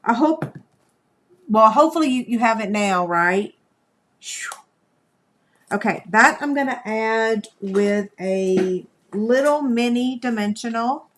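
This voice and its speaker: Slow, chatty crafting woman. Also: a little high, lively intonation, slight background noise. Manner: chatty, folksy, talks to viewers while working. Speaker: crafting livestream host. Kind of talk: live craft demonstration.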